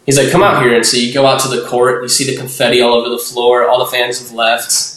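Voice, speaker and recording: A man's voice: medium pitch, completely flat delivery, a little fast, a bit bright. A young man chatting as a podcast guest, rambling with lots of "like" and restarts and acting out little voices. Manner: rambling, heavy use of "like" and restarts, acts out voices. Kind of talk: casual interview talk. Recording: roomy echo.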